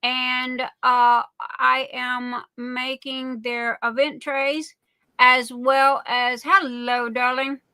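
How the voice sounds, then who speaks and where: A woman's voice: sits high, level tone, very slow, pushed and bright, clear, resonant tone, dry recording, low-quality recording. A woman hosting a casual livestream, chatting and greeting viewers by name, often calling them darling. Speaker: livestream host.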